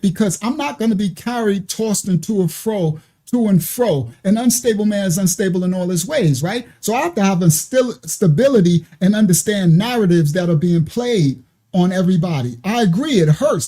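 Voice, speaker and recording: A man's voice: high-pitched, dark tone. A man hosting a ministry channel, talking through a case in casual commentary, laughing often and stumbling over repeated words.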